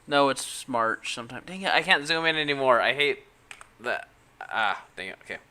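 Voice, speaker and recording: A woman's voice: extremely low pitch, expressive, moderate pace, pushed and bright. A woman streamer chatting casually while she works, thinking aloud and judging her own work. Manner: thinks aloud, self-critical. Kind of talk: casual live-stream chat.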